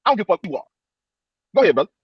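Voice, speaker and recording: Male guest, very high pitch, blunt and profane, dry lo-fi audio. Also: very animated, very fast, breathy edge, no room sound. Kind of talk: heated livestream argument.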